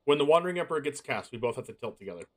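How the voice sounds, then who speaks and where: A man streaming a card game, reacting with yelps, laughter and shouts as he plays. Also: medium pitch, expressive, rapid-fire. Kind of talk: excited gameplay commentary.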